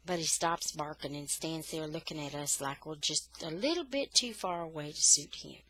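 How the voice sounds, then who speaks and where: A woman reading a children's novel aloud for English learners, with steady, expressive storytelling. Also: low voice, normal speed.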